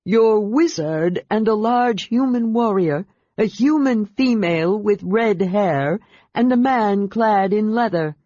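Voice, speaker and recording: A woman voicing a large male blue dragon, gruff and impatient, with a snarling delivery. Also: mid-range voice, animated, takes it slowly, dark tone, no room sound, dull audio, pitched above the performer's own voice.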